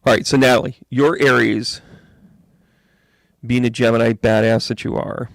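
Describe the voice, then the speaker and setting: A man giving a live astrology and tarot reading in a chatty, rambling, jokey way with bursts of excitement. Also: medium pitch, normal speed, creaky, no echo. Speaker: psychic medium reading tarot.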